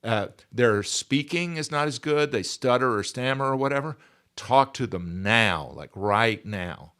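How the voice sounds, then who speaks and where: A man's voice: mid-range voice, animated, a little slow, a bit bright, clean tone. A man in his sixties, speaking as a podcast guest in an earnest, emphatic way and repeating his key phrases. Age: 60s. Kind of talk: conversational interview.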